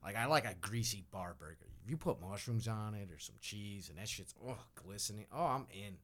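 A man's voice: fairly low pitch, fairly quick. A young man chats on a comedy podcast, his voice swooping up and down as he talks. He swears freely and sounds eager. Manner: animated, swearing, laughs easily. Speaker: comedian co-host. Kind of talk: casual podcast chat.

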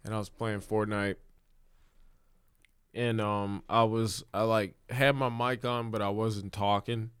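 Casting: Chicago guy, podcast co-host, swears easily, smooth voice, dry close mic. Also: on the low side, a little slow, dry recording. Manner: profane, laid-back, animated when quoting himself. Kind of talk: casual comedic storytelling.

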